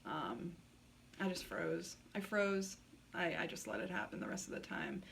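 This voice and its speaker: A woman's voice: on the low side, sing-song, moderate pace, vocal fry, fairly bright tone, recorded from a distance, a little hiss or hum. A woman vlogger telling a personal story in a blunt, candid way, swearing freely and saying "like" a lot. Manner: blunt and frank, swears freely, many filler likes.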